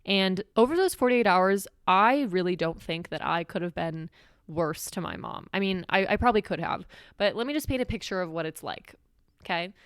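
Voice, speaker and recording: Smooth, low-voiced young woman podcaster. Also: lively intonation, moderate pace, no room sound, studio quality. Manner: candid, reflective, confessional. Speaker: podcast host. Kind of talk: solo podcast talk.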